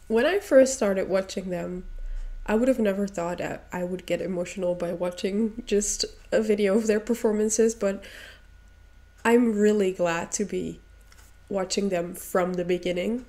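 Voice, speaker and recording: A woman hosting a reaction video, talking in a soft, earnest and emotional way. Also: medium pitch. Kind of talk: casual reaction commentary.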